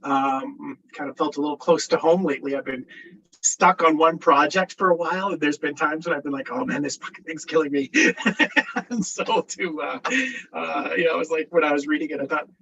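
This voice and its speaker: A man chatting on a video call after a table read, quick to laugh and full of fillers and restarts. His voice sits a little high. It comes through muffled and somewhat distant. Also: steady tone, vocal fry, sharp tone, breathy edge. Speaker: filmmaker and actor.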